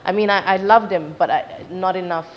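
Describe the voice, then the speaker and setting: A woman's voice: lowish voice, fairly even intonation, a little fast. A young woman from Zimbabwe, a singer being interviewed, telling a personal story animatedly and acting out quoted parents. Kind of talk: casual interview chat. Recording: dull lo-fi sound with faint background noise.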